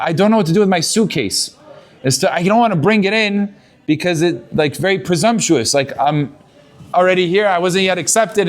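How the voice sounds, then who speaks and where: A man's voice: high voice, natural voice. A man playing an eager, polite young yeshiva student who keeps apologizing, inside a spoken story.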